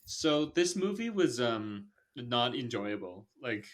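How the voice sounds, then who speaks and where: A man's voice: mid-range voice, sing-song, slow pace. Casual man hosting a podcast. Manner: loose, filler-heavy and blunt. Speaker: podcast host. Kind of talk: casual movie review chat.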